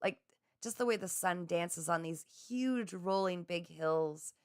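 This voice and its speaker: Woman psychic host, low-ish voice, gentle and affirming, dry close sound. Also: clear, resonant tone, dry recording. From Canada. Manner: gentle, affirming, slow and soothing. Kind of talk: live spiritual chat reading viewer comments.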